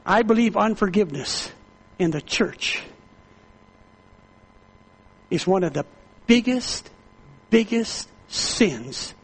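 A man preaching a sermon with fervent, repetitive delivery that climbs into loud, high-pitched exclamations. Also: vocal fry, slightly rough, poor audio.

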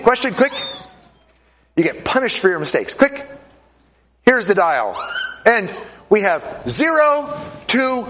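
A man lecturing a class with a high, lively voice that swings all over as he pushes and urges his audience. He repeats himself often and acts out short voices during a live demonstration, with faint room ambience behind him. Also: a little hiss or hum. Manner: animated, urging, repetitive, acts out voices.

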